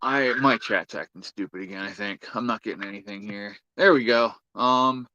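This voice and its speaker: A man's voice: on the low side, moderate pace, bright, forceful tone, no echo, dull audio. A man hosting a casual livestream chat, easygoing and chatty, reading out viewer comments. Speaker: livestream host.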